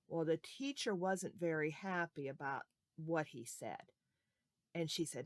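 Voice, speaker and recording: Brief: woman storyteller for small children, very animated pitch, questions the kids, dry close recording. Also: measured pace, dry recording.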